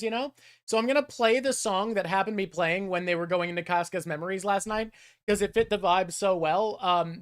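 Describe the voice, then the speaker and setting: A man's voice: sits high, a bit bright. A man hosting a casual chat with his mother, rambling and self-deprecating. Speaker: host.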